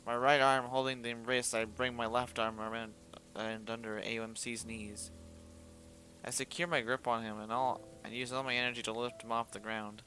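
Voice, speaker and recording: A man's voice: medium pitch, flat delivery, normal speed, sharp tone. Man reading a game story aloud. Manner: reads expressively, stumbles and restarts, breaks off with sworn reactions. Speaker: player reading a visual novel aloud. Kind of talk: dramatic first-person story reading with asides.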